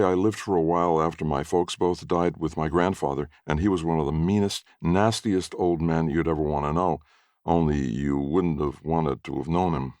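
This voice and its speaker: A man's voice: low-pitched, darkish tone, no room sound, clean studio sound. A man reading a short story aloud in a wry, folksy narrating voice. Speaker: story reader.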